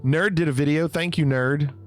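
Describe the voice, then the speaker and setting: A man's voice: fairly high pitch, steady tone, normal speed, faint music behind. A man casually chatting on a livestream, reading out viewer comments, teasing and laughing often. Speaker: streamer.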